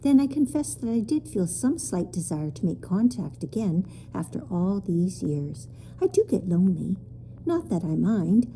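A woman voicing a friendly, lonely moose-like royal creature with a deep voice and a lisp in a storybook reading. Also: very animated, moderate pace, warm tone, a little hiss or hum. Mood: wistful. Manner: cheerful, chatty, a little vain.

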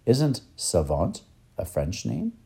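A man's voice: on the low side, huge pitch swings, takes it slowly, gravelly, mellow, breathy edge, full character voice. A man voicing a clever, matter-of-fact schoolboy in a storybook reading. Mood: plain. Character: clever schoolboy, a bit of a know-it-all.

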